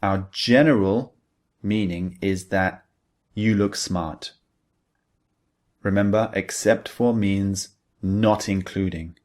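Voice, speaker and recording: Male English teacher, low voice, slow and deliberate explaining, scripted lesson. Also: a little mellow.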